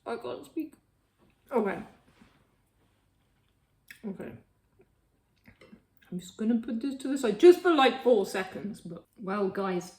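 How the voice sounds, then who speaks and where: A woman hosting her own cooking vlog, chatting to viewers in a bright, high voice. She is bubbly and quick to giggle as she bakes and tastes. The sound has a noticeable echo from a home kitchen. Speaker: cooking channel host.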